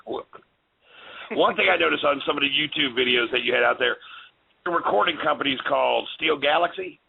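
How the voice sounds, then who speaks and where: A man with a low, deep radio voice, co-hosting a casual internet radio show and joking like a DJ. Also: fairly quick, vocal fry, breathy edge. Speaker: co-host. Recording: tinny phone-line sound.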